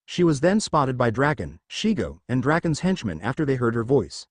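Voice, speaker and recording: A man reading a fan fiction story aloud and voicing its characters in his own voice, with a halting delivery. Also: mid-range voice, very animated, no room sound, studio quality. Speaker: narrator.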